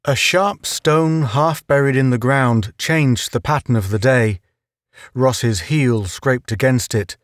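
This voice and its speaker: This is a man reading a novel aloud for an audiobook, his medium-pitched voice keeping a measured, even storytelling rhythm. The scripted narration is recorded dry, with studio quality.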